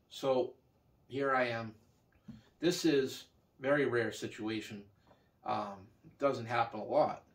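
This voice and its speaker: A man's voice: medium pitch, recorded from a distance. A man from Canada who sells junk vehicles and scrap, telling a long story in a meandering, casual way full of "you know" and restarts. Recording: voice a bit off-mic.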